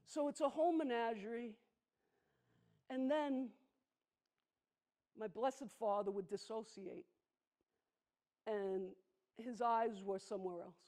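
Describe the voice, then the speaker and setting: A woman, performing a personal storytelling monologue on a theatre stage, intimate and emphatic, slowing down on heavy moments. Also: fairly high pitch, darkish tone. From the Bronx, New York. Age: 60s. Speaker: solo performer.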